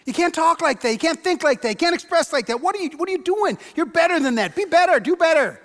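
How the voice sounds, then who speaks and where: A preachy, self-righteous friend scolds in a very high, sharp-edged voice, as a man puts him on mid-sermon. The lecturing lines bounce around a big reverberant church hall. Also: lively intonation, quick pace. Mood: scolding.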